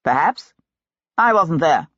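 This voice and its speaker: A woman voicing a cool, guarded male Russian colonel who answers in an evasive, measured way, in a dull, dry recording. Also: sits low, very animated, fairly bright tone, no echo, heavily acted.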